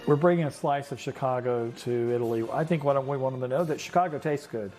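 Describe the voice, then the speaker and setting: A man's voice: mid-range voice, fast, music in the background. A man, a chef, speaking earnestly in a news interview, with restarts as he searches for words.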